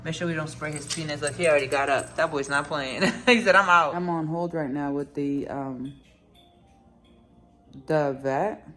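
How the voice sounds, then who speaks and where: Woman vlogger, bright voice, casual animated slang, coos gently at her dog; faint music underneath. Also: low-pitched, normal speed. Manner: talks to her dog in a soft coaxing voice. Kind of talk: casual vlog chat.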